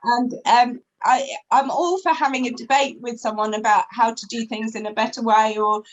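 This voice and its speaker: A woman in her thirties talks as a guest on a podcast, relaxed and conversational. Her voice sits a little high, and she often restarts her sentences and fills pauses. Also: dull audio. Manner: chatty, frequent fillers and restarts. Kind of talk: casual chat.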